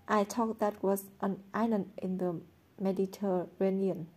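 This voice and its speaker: A woman's voice: medium pitch, fairly even intonation, measured pace, darkish tone, close to an everyday voice. A woman reading the lines of a cheerful teenage boy who jokes to comfort his friend. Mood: joking. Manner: light, joking.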